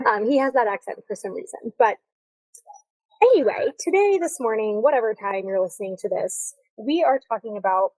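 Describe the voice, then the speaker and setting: A woman's voice: a little high, animated, moderate pace, a little mellow, no room sound, low-quality recording. A woman hosting a solo podcast, talking in a chatty, upbeat, encouraging way close to the mic. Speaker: podcast host. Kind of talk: casual solo podcast talk. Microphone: close mic, recorded on video.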